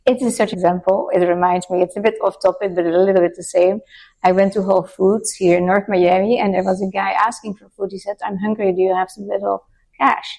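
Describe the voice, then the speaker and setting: A woman's voice: medium pitch, fairly even intonation, quick pace, a little mellow, low-quality recording. Chatty woman interviewer. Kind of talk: casual interview chat.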